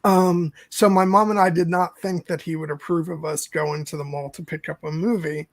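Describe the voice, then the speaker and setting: A man's voice: fairly high pitch, steady tone, normal speed, no echo. A man co-hosting a casual film podcast, telling a long rambling story full of fillers. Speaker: podcast co-host. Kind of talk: casual film review chat.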